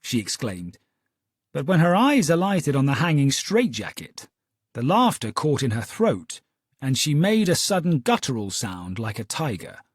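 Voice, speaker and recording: A man reading a story aloud in a measured, expressive style. His slightly husky voice moves with lively intonation and sits a little high. The recording is close and dry. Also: dry recording. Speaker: audiobook narrator. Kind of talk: scripted narration.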